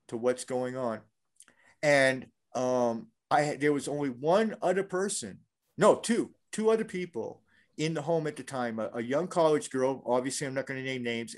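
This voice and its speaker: A middle-aged man telling a story in a casual interview, rambling and profane with many restarts. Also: medium pitch.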